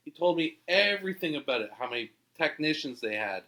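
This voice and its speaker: A man from Canada, a podcast guest, telling an animated, excitable anecdote. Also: a little high, a little fast. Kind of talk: storytelling anecdote.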